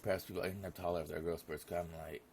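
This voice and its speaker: A man's voice: low voice, flat delivery, quick pace, gravelly, darkish tone, slight background noise. A man voicing a jolly, plump middle-aged businessman uncle who brags heartily. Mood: hearty.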